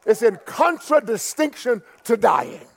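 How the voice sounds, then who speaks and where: A man preaching a sermon to a church and online audience. He talks conversationally, stammers and repeats himself, and swings from loud emphasis to quiet asides. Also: very high voice, big pitch swings, measured pace, vocal fry. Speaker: pastor. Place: church sanctuary. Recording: long hall reverb.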